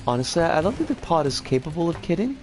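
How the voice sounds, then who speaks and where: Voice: big pitch swings, quick pace, music in the background. A game streamer chatting casually over gameplay and greeting viewers by name. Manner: chatty, greets viewers warmly, swings pitch a lot. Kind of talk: casual live game commentary.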